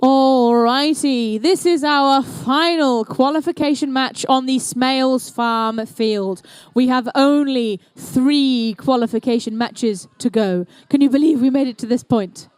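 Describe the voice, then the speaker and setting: A woman's voice: high voice, a little slow, hardly any pauses, darkish tone, clear, resonant tone, no room sound. A young woman doing live, playful, chatty commentary at an indoor competition. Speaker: event commentator.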